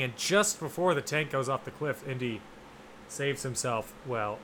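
A man's voice: medium pitch, slight background noise. A man co-hosting a podcast, casually recapping a film plot with jokes and fillers. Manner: joking, lively recapping with fillers. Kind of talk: casual chat.

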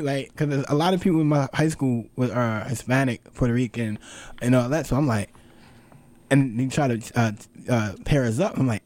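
A man's voice: medium pitch, fairly quick, darkish tone. A young man hosting a podcast, telling a story in a rambling way with lots of fillers and restarts. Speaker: podcast host. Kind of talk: casual chat.

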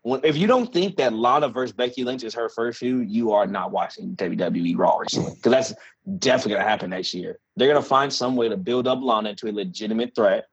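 A man's voice: medium pitch, breathy edge, no echo. A man co-hosting a podcast, making sarcastic predictions in casual chat. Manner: sarcastic, rapid-fire. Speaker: podcast co-host. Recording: dull lo-fi sound.

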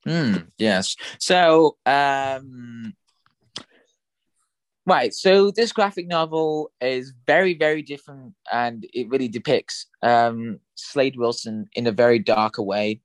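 A man's voice: mid-range voice, takes it slowly, no echo. A young man co-hosting a podcast, talking casually about comics with many fillers and restarts. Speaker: podcast co-host. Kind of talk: casual chat.

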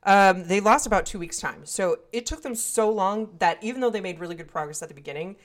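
A woman's voice: mid-range voice, brisk. A woman co-hosting a casual podcast, reading history notes aloud and explaining them in a loose, swearing, chatty way. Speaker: podcast co-host.

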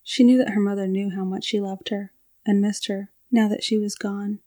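Brief: woman storyteller, flat steady delivery, mellow darker tone, reads prose narration. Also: medium pitch, normal speed.

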